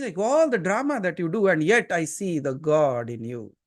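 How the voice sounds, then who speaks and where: Seated before a gathering, a spiritual teacher with an Indian accent gives a satsang sermon, pressing listeners with earnest, emphatic questions and switching into Hindi mid-talk. His voice is a little high and animated, at a moderate pace.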